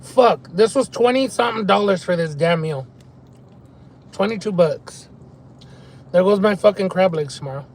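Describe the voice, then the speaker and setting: A man live-streaming a mukbang, telling stories excitedly with lots of swearing and chewing between lines, from a parked car. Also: sits high, moderate pace, creaky, long pauses, a little hiss or hum, low-quality recording. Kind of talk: casual live-stream chat while eating.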